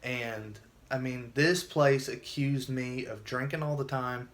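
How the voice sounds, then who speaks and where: A man of middle pitch tells a personal story to camera in a casual, unscripted way. He sounds earnest and emotional, rambling and circling back to restart his sentences. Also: fairly even intonation, slow pace, fairly bright tone. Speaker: vlogger telling his own story.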